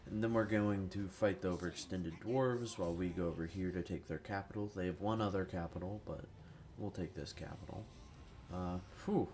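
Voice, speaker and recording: A man's voice: low voice, fairly quick, a little mellow, slight background noise. A man who is sick, giving rambling, profane, casual commentary over strategy gameplay. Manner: rambling, profane, self-deprecating. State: sick with a cold. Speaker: gaming youtuber.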